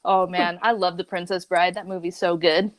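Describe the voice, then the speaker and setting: A woman's voice: lowish voice, little pitch movement, moderate pace. A young woman co-hosting a youth group livestream, chatting casually and reading memes aloud with lots of "like" and "dude". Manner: laid-back, lots of "like", "man" and "dude".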